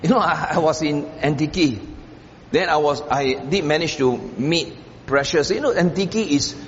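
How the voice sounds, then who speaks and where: A male pastor preaches with a high, lively voice that climbs on stressed phrases and drops to a murmur. He repeats key lines for emphasis. The sound is dull and carries a long hall echo over faint noise. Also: moderate pace. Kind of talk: sermon.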